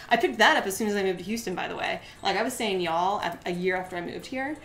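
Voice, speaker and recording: Fast-talking chatty woman streamer. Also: medium pitch, lively intonation. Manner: fast-talking with many filler words; counts aloud softly while working. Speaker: crafting live-streamer. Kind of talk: chatty live-stream talk while crafting. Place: at home, standing at a desk.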